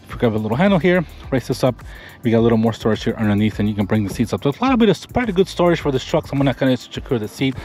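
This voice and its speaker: This car vlogger from Florida has a mid-range, darkish voice that swings widely in pitch and races along very quickly. He tours a pickup truck inside and out, pointing things out excitedly while rambling and restarting his sentences often.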